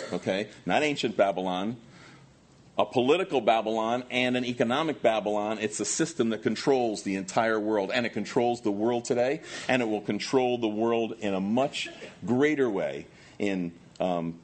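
A man preaching a sermon, swinging between loud shouting and hushed low tones, reading scripture slowly and with stress. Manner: reads scripture aloud with slow stressed delivery. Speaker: pastor.

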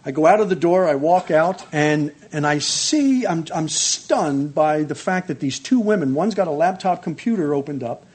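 A man telling a personal testimony in a lively storytelling manner, acting out quotes and laughing often. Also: a little high, normal speed, few pauses, breathy edge. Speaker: speaker sharing a testimony.

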